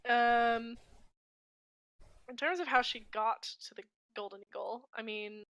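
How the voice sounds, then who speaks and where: Bright, higher-pitched young woman gamer. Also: a little slow, dry recording, highs cut off. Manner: casual and a bit sweary. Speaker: tabletop game player. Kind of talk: casual chat introducing her character.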